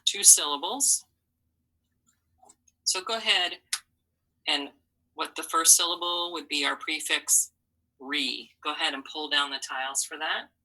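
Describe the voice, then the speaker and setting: Woman teacher doing a slow phonics lesson, very low voice, bright tone, a bit husky, patient and encouraging. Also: low-quality recording.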